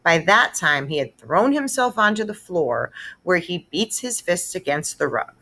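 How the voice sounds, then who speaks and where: A woman reading a children's novel aloud, expressive and storytelling. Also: fairly low pitch, a little slow. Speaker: read-aloud narrator.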